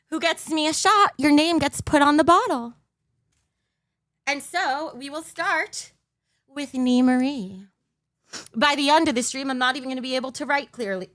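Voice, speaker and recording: A woman streamer chatting to her viewers, overtired and scattered, always losing her thread. Her voice sits a touch high and leaps up and down all over the place. The sound is dry and close, with no room around it. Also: fairly bright tone, no room sound. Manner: scattered, rambling, loses her train of thought; bursts into a mock auctioneer patter. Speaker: livestream host. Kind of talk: casual livestream chat.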